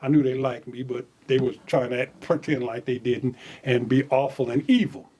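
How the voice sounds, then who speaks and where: A man casually telling stories from his own life, animated, chuckling and repeating words as he goes. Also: medium pitch, normal speed. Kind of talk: casual spoken memoir storytelling.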